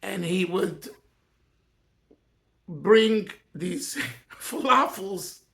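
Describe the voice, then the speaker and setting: A man, a Yiddish speaker, reminiscing in a personal talk as a rabbi, earnest and halting with many restarts. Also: sits high, gravelly, pushed and bright. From United States.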